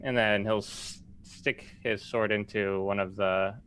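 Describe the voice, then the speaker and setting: A man's voice: fairly low pitch, steady tone, a little slow, fairly bright tone, a little hiss or hum. A man playing a tabletop game, unsure of his options and checking his abilities aloud. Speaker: player.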